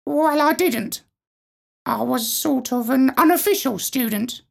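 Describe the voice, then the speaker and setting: A man's voice: measured pace, creaky, full character voice. A man voicing an indignant male parrot officer who screeches his lines. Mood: evasive. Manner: shrill, screeching outbursts.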